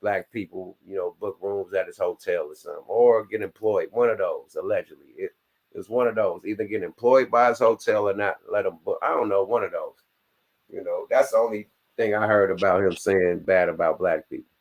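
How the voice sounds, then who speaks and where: A man's voice: low-pitched, a little fast, lo-fi sound. A man hosting a casual podcast chat, talking bluntly with plenty of profanity and laughing asides. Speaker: podcast host.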